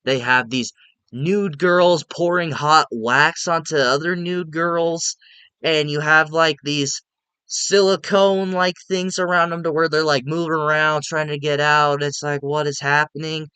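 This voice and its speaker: A man's voice: a little high, steady tone, unhurried, pushed and bright, clean tone, no room sound. A man giving a casual, rambling film review, repeating himself and laughing at the movie.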